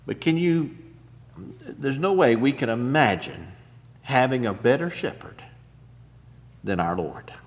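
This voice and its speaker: A man preaching a sermon, unhurried, often clearing his throat, building to emphatic peaks and then dropping soft. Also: medium pitch, lively intonation. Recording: long hall reverb.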